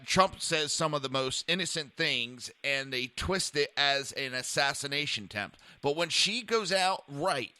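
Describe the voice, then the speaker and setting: A man's voice: on the high side, pushed and bright, dry recording. A man hosting a political talk podcast, heated and ranting, often stammering as he restarts. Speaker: podcast host.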